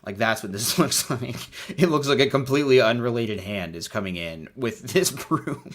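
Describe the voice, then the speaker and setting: Wry man riffing with lively pitch. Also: moderate pace. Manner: wry, riffing, swings from mutters to excited outbursts. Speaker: video host. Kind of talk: comedic commentary on book illustrations.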